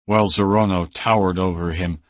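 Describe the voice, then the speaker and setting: Male audiobook reader, very deep, measured, dry studio sound. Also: fairly even intonation, no echo. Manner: measured, dramatic storytelling. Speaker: audiobook narrator. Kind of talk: scripted narration.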